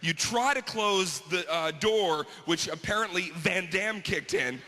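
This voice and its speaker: A man's voice: high voice, expressive, a little slow, in a large hall, very noisy. A man performing crude, exasperated observational stand-up comedy.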